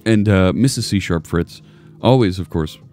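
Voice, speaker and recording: A man's voice: deep voice, moderate pace, a little mellow, faint music behind. A man hosting a casual live coding stream, chatting loosely and joking with viewers as he works. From United States. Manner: rambling, chatty, jokey.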